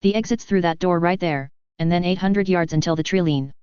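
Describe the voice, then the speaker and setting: A woman's voice: on the low side, a little fast, darkish tone, smooth, dry recording, lightly acted. A woman reading the part of a brash, slangy, swearing male British army sergeant. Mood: cocky. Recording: dry, slightly dull home recording.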